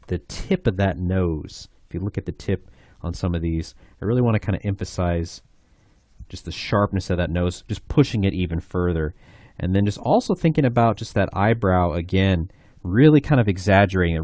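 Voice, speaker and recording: A man narrates a drawing lesson in a deep, low voice. He talks in a relaxed, meandering way, filling gaps with "kinda" and "um". The sound is close and dry with no room around it. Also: dry recording. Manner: easygoing, loose delivery with many "kinda" and "um" fillers. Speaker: art instructor. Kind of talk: drawing tutorial voice-over.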